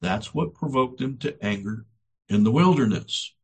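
Male preacher, sermon, husky tone, lively swinging pitch, emphatic repetition. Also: moderate pace. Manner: dramatic, emphatic, repetitive phrasing.

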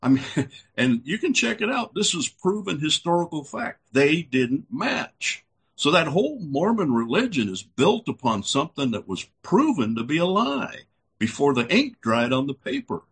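A man's voice: a little high, sing-song, moderate pace, husky. A man preaching a conversational sermon, folksy and blunt, with chuckling asides.

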